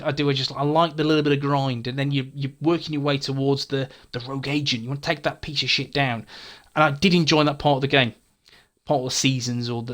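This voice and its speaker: A man with a medium-pitched voice hosts a gaming channel, answering viewer comments in a frank, chatty way. He often stumbles and repeats words.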